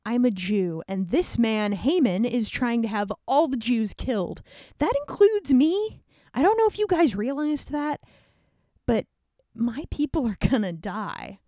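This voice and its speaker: A woman's voice: on the high side, lively intonation, a little slow, warm tone, dry recording, clean studio sound. A woman doing an earnest young queen. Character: brave young queen pleading for her people.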